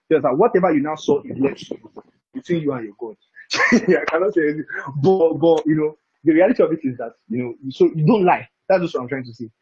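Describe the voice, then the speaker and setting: A man's voice: a little high, a little mellow, husky. A man preaching a bible teaching sermon in a conversational way, often asking "do you understand?" and chuckling between points. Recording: dull lo-fi recording.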